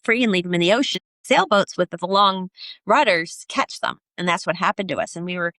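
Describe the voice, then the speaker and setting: A middle-aged woman, a podcast guest, telling her story in a lively way and acting out the voices of the people in it. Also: fairly low pitch, fairly quick, no room sound. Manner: animated, acts out quoted voices. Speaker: podcast guest, sailor and author. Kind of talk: storytelling in an interview.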